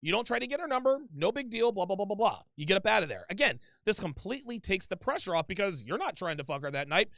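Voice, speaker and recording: Blunt male host, high voice, gravelly, swears a lot, swings up and down, dry sound. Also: very animated, fast, few pauses, a bit bright, no echo. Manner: blunt, profane, emphatic. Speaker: host taking calls. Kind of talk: call-in advice show.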